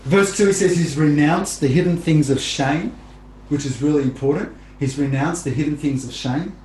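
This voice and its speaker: A man delivers a sermon in a conversational, repetitive way, his voice sitting a little high. He grows animated as he tells stories to the congregation. The room rings with echo, and a faint hum sits underneath. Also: moderate pace. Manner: conversational, repeats phrases, rises animatedly in stories. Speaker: preacher.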